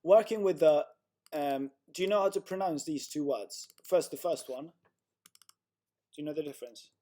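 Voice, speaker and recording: Patient male language tutor, dark tone. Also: a little high, normal speed. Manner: patient, explaining with many fillers and restarts. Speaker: Chinese tutor. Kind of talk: one-on-one language lesson.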